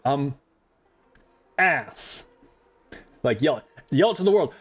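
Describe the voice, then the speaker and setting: A male game streamer chatting through his play in a joking, profane, rambling way. His slightly high voice bounces around a lot in pitch as he talks. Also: expressive, a little slow, pauses often. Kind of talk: casual gaming commentary.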